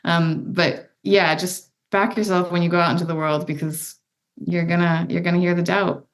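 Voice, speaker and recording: A woman's voice: lowish voice, flat delivery, moderate pace. A woman in her thirties, a podcast guest, talking with passion and emphasis and encouraging her listeners. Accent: non-American. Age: 30s. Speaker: guest adventure athlete. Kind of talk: candid interview conversation.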